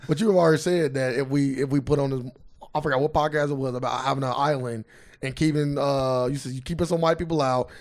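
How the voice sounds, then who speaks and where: A man's voice: mid-range voice, steady tone, quick pace. A young man co-hosting a podcast, talking casually in slang and laughing often. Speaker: podcast co-host. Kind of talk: casual chat.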